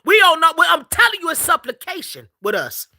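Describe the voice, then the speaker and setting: A woman's voice: very high voice, big pitch swings, brisk, vocal fry, sharp tone. A woman hosting a casual spiritual livestream, talking emphatically, repeating herself, laughing often and calling her listeners "collective".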